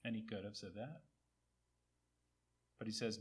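A man preaching a sermon, repeating key phrases for emphasis, rising on quoted words and dropping low on asides. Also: moderate pace, long pauses. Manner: rises high and loud on quoted speech, drops low on asides.

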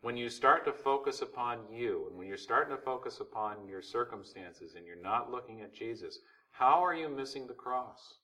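Male pastor, sermon, bright tense voice, mic some way off, swings loud to hushed. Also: medium pitch, lively intonation, moderate pace, recorded from a distance, poor audio. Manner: preaching with rising and falling intensity, rhetorical questions.

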